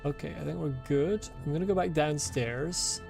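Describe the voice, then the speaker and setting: A man's voice: fairly high pitch, moderate pace, creaky, over music. A man casually commentating his game playthrough, laid-back and swearing freely. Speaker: gaming channel host.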